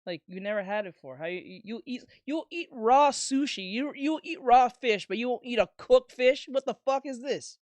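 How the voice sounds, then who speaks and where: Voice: medium pitch, normal speed, few pauses, no echo. Live streamer, casual reaction commentary, profane, incredulous, dead dry sound. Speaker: VTuber streamer reacting to videos.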